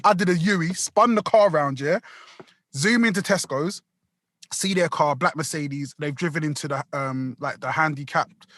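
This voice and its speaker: A man's voice: fairly high pitch, normal speed, a bit bright. A man telling a rambling story on a podcast, full of slang and swearing. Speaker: podcast co-host. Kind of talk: casual storytelling.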